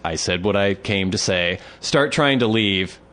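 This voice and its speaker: Male podcast host, lively swearing storyteller with a swinging, animated delivery. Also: on the low side, measured pace. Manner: animated storytelling, acts out quotes, swears a lot. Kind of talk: casual chat.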